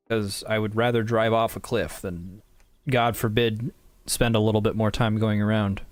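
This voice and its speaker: A man's voice: lowish voice, steady tone, a little slow, long pauses, dry recording, soft background music. A man giving casual, rambling let's-play commentary with wry, self-mocking jokes. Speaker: gaming YouTuber.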